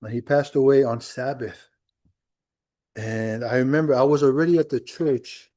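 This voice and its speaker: A man's voice: mid-range voice, fairly even intonation, moderate pace, mellow. A middle-aged male pastor preaching a sermon in a church, telling a personal story in a conversational way with quoted dialogue.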